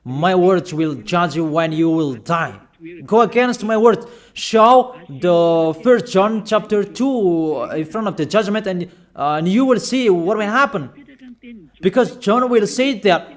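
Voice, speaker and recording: A man preaching a sermon in emphatic, repetitive English with halting, non-native phrasing, firing questions at his listeners. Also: high-pitched, lively intonation.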